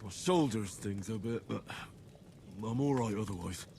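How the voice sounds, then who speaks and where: A man's voice: on the low side, normal speed, creaky, mellow, a little hiss or hum. An actor voicing a wounded young man in a video game, speaking in a tired, plain-spoken way. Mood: weary.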